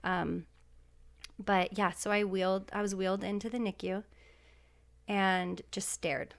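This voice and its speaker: A woman's voice: medium pitch, little pitch movement, a little slow, vocal fry. A woman in her thirties, a podcast guest, telling a personal story in a heartfelt, emotional way with many fillers.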